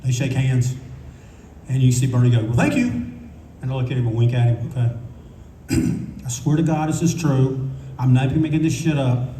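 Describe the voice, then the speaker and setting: A man's voice: mid-range voice, flat delivery, moderate pace, long pauses, dark tone, slight background noise. An older man telling casual, profane stories on a convention panel, acting out the people he quotes. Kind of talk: live anecdotal storytelling. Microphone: audience recorder at a distance. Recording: echoey room from far off, faint ambience.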